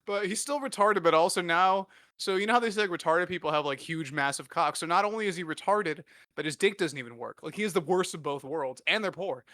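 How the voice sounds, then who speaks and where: A young man with a bright, forceful voice tells a rambling, filler-packed comic story. His pitch sits fairly high and the sound is dry and close. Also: brisk, hardly any pauses, dry recording. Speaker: podcast host. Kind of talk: casual crude comedy riffing.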